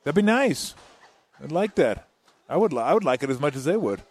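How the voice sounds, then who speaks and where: A man working as a color analyst in a postgame broadcast chat, telling jokey, animated stories and laughing often. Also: mid-range voice, fast, slightly rough.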